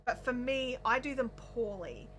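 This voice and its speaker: A woman's voice: a little high, lively intonation, unhurried, a bit bright, soft background music. A woman with an Australian accent, hosting a casual crafting livestream and chatting with viewers in a rambling way with lots of fillers. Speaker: crochet livestream host. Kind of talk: casual chat reading viewer comments.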